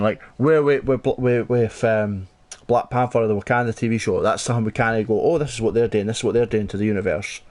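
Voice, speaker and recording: A Scottish man co-hosting a podcast in casual chat, animated and sweary, thinking aloud as he talks. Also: mid-range voice. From Scotland. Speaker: podcast co-host.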